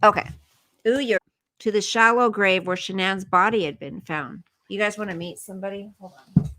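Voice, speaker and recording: A woman's voice: medium pitch, moderate pace, sharp tone. A middle-aged woman hosting a casual livestream, chatty and easily sidetracked as she reads comments and laughs often. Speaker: livestream host reading chat comments.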